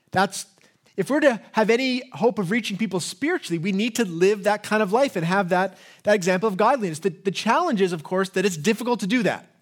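A man with an English accent preaching a sermon as pastor. He talks conversationally and asks the room rhetorical questions, often checking in with a quick "right?". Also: high voice.

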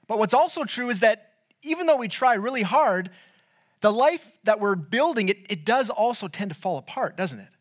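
A man giving a sermon in a conversational, storytelling way, with frequent restarts and a voice that gets louder when he quotes someone. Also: high voice. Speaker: preacher.

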